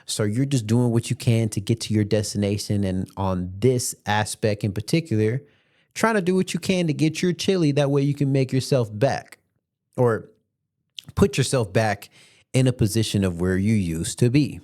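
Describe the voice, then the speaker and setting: A man's voice: medium pitch, moderate pace, a little mellow. A man hosting a podcast, telling a rideshare story in a chatty, slangy way and laughing along as he talks. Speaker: podcast host and rideshare driver. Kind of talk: casual storytelling monologue.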